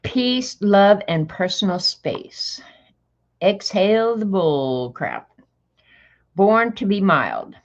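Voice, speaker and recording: A woman's voice: medium pitch, very animated, slow, dull audio. An older woman hosting a livestream, chatting casually with viewers and reading aloud with dry, sarcastic asides. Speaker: livestream host.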